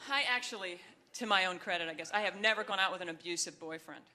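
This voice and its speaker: A young woman doing a stand-up comedy set, talking in a wry, chatty way and breaking into high, shrill voices for the people she acts out. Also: fast, a crowd in the background, noisy background. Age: young adult. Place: comedy stage before a live audience. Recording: live club set with audience laughter.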